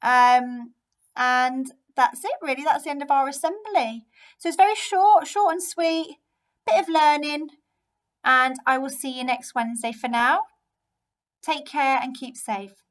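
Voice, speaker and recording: A woman teacher with a high, light voice records a remote lesson. She goes through each answer slowly and steadily, in an encouraging tone. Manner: encouraging, explains step by step. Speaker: primary school teacher.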